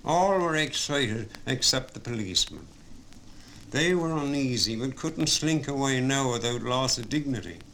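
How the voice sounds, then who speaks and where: A man's voice: mid-range voice, animated, moderate pace, a bit bright, low-quality recording. Man narrating a story, faint hiss. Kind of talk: audiobook narration.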